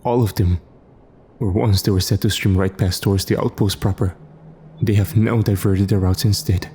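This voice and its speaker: A man narrating a first-person horror story in a grave, measured way. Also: fairly low pitch, steady tone, dark tone, slight background noise. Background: faint music.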